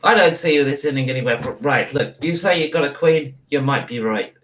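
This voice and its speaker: A man's voice: medium pitch, brisk, a bit bright, far from the mic, lightly acted, rough recording. A man playing a boastful kangaroo king. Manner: gruff bragging put-on Australian accent that slips. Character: cocky male kangaroo king, boastful and dismissive.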